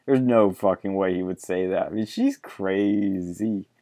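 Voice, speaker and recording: A man's voice: deep voice, unhurried, dark tone. A man hosting a podcast in casual political chat, blunt and profane, laughing often. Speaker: podcast host.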